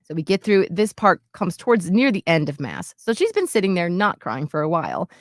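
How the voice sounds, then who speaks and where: Speaking a little fast in a lowish voice, a woman co-hosting a podcast relates a personal story casually. She performs other people's lines animatedly, varying her volume, and the clean studio recording has no room sound.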